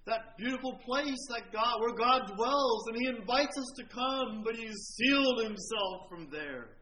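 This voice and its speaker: A man preaching a sermon, dramatic, dropping to a hush and then swelling loud as he quotes dying men. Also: very high voice, a little slow, a little hiss or hum, poor audio. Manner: dramatic, swings from hushed to loud when quoting.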